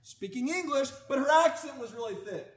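A man with a very high voice preaches a sermon. He talks in a conversational way, telling personal stories, then swings up to loud, emphatic declarations before dropping back to quiet asides. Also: animated, fairly quick.

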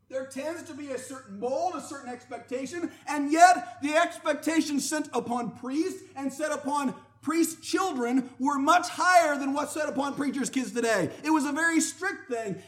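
A man preaching a sermon, emphatic and conversational, rising to loud declarations and dropping to quiet asides. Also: very high-pitched. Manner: conversational, personal storytelling.

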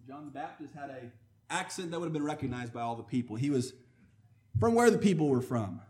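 A man preaching a sermon, emphatic and conversational, rising to loud declarations and dropping to quiet asides. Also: mid-range voice, expressive, fairly quick. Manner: conversational, personal storytelling.

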